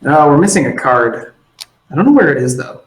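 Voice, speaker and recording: A man runs a tabletop game, narrating scenes with animated energy. His voice sits a little higher than most men's. The room around him rings with noticeable echo. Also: fairly quick. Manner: animated, acting out side characters. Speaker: game master.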